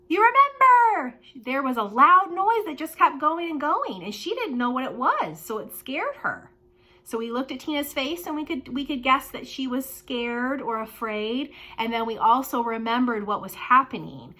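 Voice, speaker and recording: Bright, animated preschool teacher woman. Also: sits high, normal speed. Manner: animated, sing-song, playful exclamations. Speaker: early childhood teacher. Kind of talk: lesson for young children.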